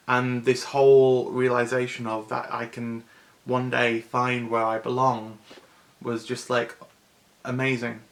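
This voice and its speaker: A man's voice: medium pitch, sharp tone. A man in his thirties, a vlogger, casually and emotionally retelling a favourite film. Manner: enthusiastic, emotional, personal.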